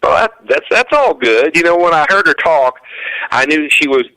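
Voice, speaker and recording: A man's voice: on the high side, big pitch swings, moderate pace, pushed and bright, poor audio. A man, a country musician and guest, talking in an easygoing, folksy way. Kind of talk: casual interview chat.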